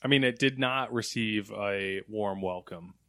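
A man's voice: lowish voice, measured pace, a bit bright, dry recording, clean studio sound. A young man co-hosting a gaming news podcast, laid-back and playing along with his co-host's jokes. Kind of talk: casual chat.

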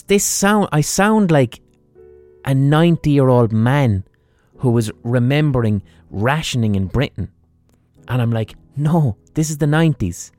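A man's voice: mid-range voice, a little mellow. A man with an Irish accent, likely in his thirties, telling a sweary comic story as a podcast host and animatedly acting out his mother. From Ireland.

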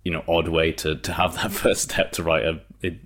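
A man's voice: extremely low pitch, level tone, moderate pace, a bit bright. A man speaking as a guest on a podcast, thoughtful and hesitant, with many fillers. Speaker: guest author. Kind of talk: interview conversation.

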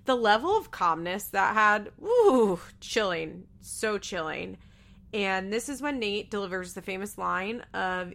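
A chatty woman recapping a reality show in a casual, sarcastic way. She laughs often and talks at a medium pitch. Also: lively intonation, measured pace, gravelly, a bit bright. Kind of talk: casual commentary.

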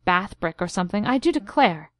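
An earnest young male scientist, voiced by a woman in an audiobook. He talks lightly and gets brisk and hurried when upset, with a dry, close sound. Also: mid-range voice, lively intonation, no room sound, natural voice.

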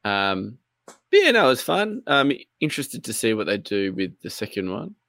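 Give me a hesitant man with a low voice, recorded dry and close, chatting about games. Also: big pitch swings, moderate pace, vocal fry, fairly bright tone, dry recording. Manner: rambling, hesitant, swears casually. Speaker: streamer co-host. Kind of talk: casual gaming chat.

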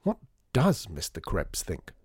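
A man's voice: deep voice, huge pitch swings, slow, slightly rough, no echo, studio quality, heavily acted. A man doing a wry, cautious dad. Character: cautious, practical father.

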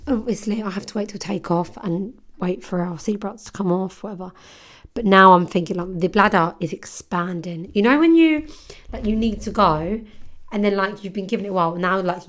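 A woman's voice: mid-range voice, normal speed. Chatty young woman telling a story. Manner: chatty, swears freely, lots of "like". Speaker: podcast host. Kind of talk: casual storytelling monologue.

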